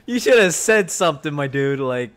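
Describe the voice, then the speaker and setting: A young man giving excited, loud gameplay commentary, yelling and laughing as he plays. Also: a little high, normal speed, a crowd in the background. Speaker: gamer and video host.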